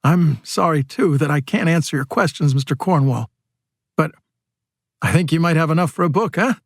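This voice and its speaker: A man voicing a dying old man speaking softly. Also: a little high, animated, moderate pace, no room sound, clean studio sound. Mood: wry. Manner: soft, faint, breathy delivery. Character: soft-spoken dying older man, gently wry.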